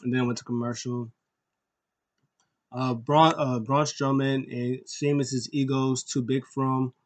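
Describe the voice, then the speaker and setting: A man talks through a wrestling episode in a loose, unscripted recap. He is enthusiastic and rambling, full of fillers, and he keeps slipping into quick impressions of what people said. His voice sits at an ordinary middle pitch. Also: flat delivery. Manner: enthusiastic, rambling, many fillers, acts out quotes. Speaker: wrestling show recap host. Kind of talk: casual solo recap commentary.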